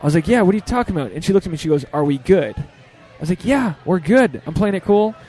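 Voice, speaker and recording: Brief: young male comic host, slightly high voice, lively profane storyteller. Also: quick pace, slightly rough, faint music behind. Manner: animated, profane, acts out quotes. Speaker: podcast host and stand-up comedian. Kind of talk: casual storytelling chat.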